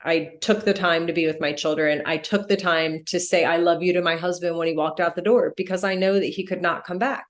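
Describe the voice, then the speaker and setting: A woman's voice: on the low side, fairly even intonation, fairly quick, few pauses. A woman in her forties, a death doula talking in a podcast interview, speaking earnestly and reflectively. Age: 40s. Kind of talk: candid podcast conversation.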